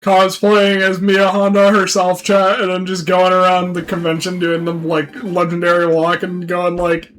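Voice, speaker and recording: A man's voice: sits high, completely flat delivery, moderate pace, hardly any pauses, a bit bright, poor audio. A young man streaming live, chatting casually, crude and laughing as he rambles. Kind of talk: casual livestream chat.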